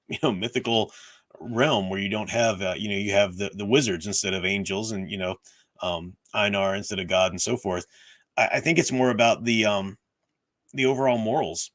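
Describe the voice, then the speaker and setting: A man's voice: on the low side, fairly quick, fairly bright tone. A man hosting a casual livestream, answering viewer questions in an earnest, explanatory way. His voice sounds tired and strained. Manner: earnest, explanatory, thinks aloud. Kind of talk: casual livestream commentary on faith and fiction.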